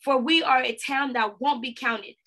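A woman's voice: high-pitched, normal speed, fairly bright tone. A woman voicing a fierce, dramatic frontier mother who exclaims theatrically. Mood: alarmed.

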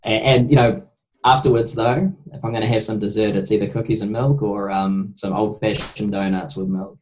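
A man, a nutrition researcher, answering interview questions in a thoughtful, measured way. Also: fairly low pitch, fairly even intonation, a little mellow, low-quality recording. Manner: thoughtful, measured, hesitant starts. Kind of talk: casual interview chat.

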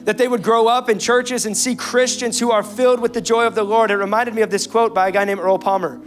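A young man preaching a sermon in a church, moving between intense and hushed passages. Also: sits high, little pitch movement, fast, faint music behind. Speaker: pastor. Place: church auditorium.

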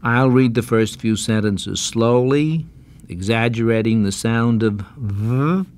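Slow, careful male pronunciation teacher. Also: mid-range voice, darkish tone. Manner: carefully enunciated, patient, repeats words for drill. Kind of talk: slow, deliberate instructional narration. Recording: 1970s language-course record.

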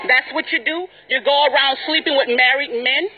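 Furious high-voiced woman shouting accusations. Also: fairly even intonation, normal speed, narrow, tinny audio, a little hiss or hum. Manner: furious, accusing, repeats insults. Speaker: wife confronting a rival. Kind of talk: heated confrontation.

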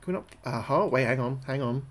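A British man streaming a game live, talking through each move, often repeating himself, thanking his viewers and getting jumpy and loud when spooked. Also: mid-range voice, brisk. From United Kingdom. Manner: chatty, repeats his own phrases, thanks viewers between moves. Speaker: gaming livestreamer. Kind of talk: live gameplay commentary.

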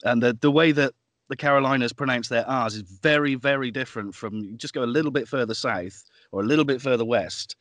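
A man's voice: mid-range voice, fairly quick, a bit bright, dry recording. A man who works as a voice actor and audiobook producer, talking in a casual podcast interview, thoughtful and often restarting his sentences. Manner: thoughtful, with frequent restarts and fillers.

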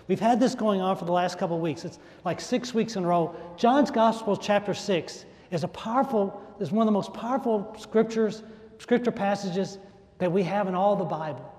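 In an echoey hall of a large church, a man with a high, slightly mellow voice delivers a homily. He preaches emphatically, repeating phrases for stress as his voice climbs and drops.

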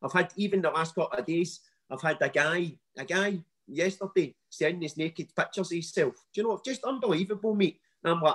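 A husky, fairly high-voiced man with a West of Scotland accent, talking as a coach on a podcast. He speaks in an emphatic, blunt and animated way, full of local slang. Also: brisk, few pauses. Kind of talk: podcast interview, motivational talk.

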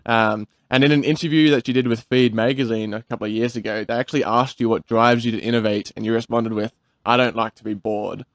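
A man's voice: medium pitch, little pitch movement, quick pace, no room sound. Enthusiastic man hosting a podcast. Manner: enthusiastic, chatty, laughs easily. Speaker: podcast host. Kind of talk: podcast interview.

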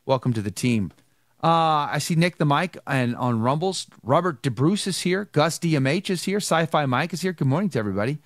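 A man hosts a live show, greeting viewers by name and chatting with a priest who is his guest. His voice is fairly high, animated and fairly quick. The sound is clean studio quality with no echo.

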